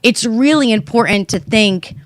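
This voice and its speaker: A woman's voice: a little high, unhurried, no echo, clean studio sound. A woman co-hosting a casual advice talk show, candid and reflective, speaking openly about her own habits. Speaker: podcast co-host.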